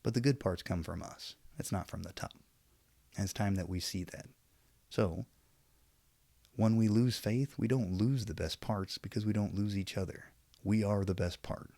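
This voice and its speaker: A man with a fairly low voice delivers a rambling opinion monologue straight to camera. He is preachy but self-aware, trailing off into wry asides. The sound is dry and close, with no room echo. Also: moderate pace, vocal fry, dark tone. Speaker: vlogger.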